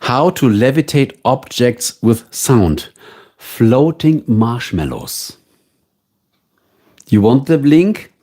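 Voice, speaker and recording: A man's voice: mid-range voice, sing-song, slow pace, pauses often, warm tone. A man with a German accent, a native German speaker, chatting casually with viewers as a livestream host and answering their questions.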